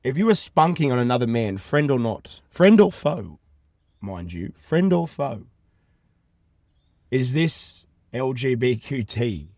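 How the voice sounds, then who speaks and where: A man's voice: medium pitch, animated, unhurried, no room sound, studio quality. Brash, crude Australian man podcasting. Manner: brash, loud, crude, calls listeners boys. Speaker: podcast host. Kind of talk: crude casual podcast banter. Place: inside a van.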